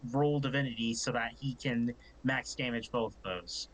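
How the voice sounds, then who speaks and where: A man's voice: medium pitch, fairly even intonation, normal speed, slight background noise, rough recording. A man playing a tabletop game who describes his character's actions and asks rules questions. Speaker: player.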